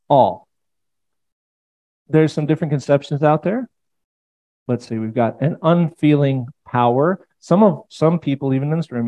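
A man's voice: medium pitch, warm tone, rough recording. A man preaching a sermon in a provocative, conversational way with mocking asides. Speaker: pastor.

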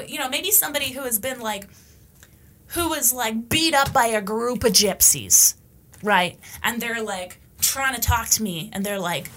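Bright, forceful woman podcaster. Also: a little high, a little slow. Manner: emphatic and blunt, with profanity. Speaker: podcast host. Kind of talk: casual opinionated monologue.

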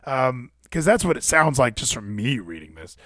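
A man's voice: medium pitch, sing-song, normal speed, a bit bright, no room sound, clean studio sound. A man streaming to his chat, reading news stories aloud and ranting about them in a casual, profane and incredulous way.

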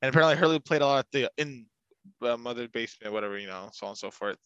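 A man's voice: mid-range voice, racing, fairly bright tone, clear, resonant tone, dry recording, dull audio. A young man co-hosting a casual podcast, recapping a TV episode in a chatty, rambling way with frequent laughs. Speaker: podcast co-host recapping a TV show. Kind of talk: casual chat.

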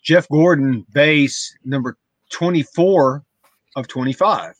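A man with a slightly raised pitch tells a story casually and stumbles over repeated words. The recording is dry and close. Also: takes it slowly, no echo.

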